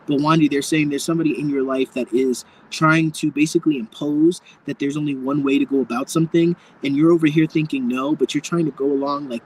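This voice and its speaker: A man's voice: a little high, husky, rough recording. Campy frank male tarot reader. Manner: frank and campy, calls people darling, swears freely. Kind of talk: live tarot reading to viewers.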